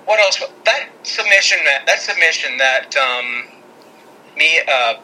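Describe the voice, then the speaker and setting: A man co-hosting a casual wrestling podcast, chatty and excitable with quick asides. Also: on the high side, low-quality recording. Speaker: podcast co-host.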